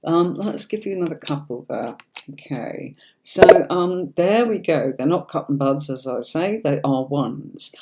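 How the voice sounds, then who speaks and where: A Yorkshire woman with a neutral standard British accent hosts a tarot-reading livestream, speaking in a deep, slightly mellow voice with lively intonation and an unhurried pace. There's a little hiss or hum. She's chatty and reassuring, frequently checking in with her listeners.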